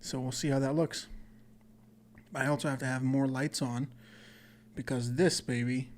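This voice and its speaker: A man's voice: medium pitch, fairly even intonation, normal speed, a little mellow, a little hiss or hum. A man hosting a solo comedy podcast, rambling and profane, often cutting himself off mid-thought. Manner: rambling, profane, self-interrupting. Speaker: podcast host.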